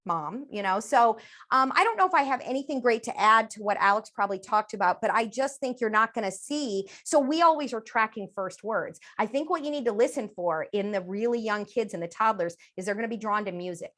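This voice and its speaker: A woman in her fifties, a speech-language pathologist, talking as a guest on an interview podcast and lively acting out children's phrases. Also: fairly high pitch, a little fast. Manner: animated, acts out children's phrases in a sing-song voice.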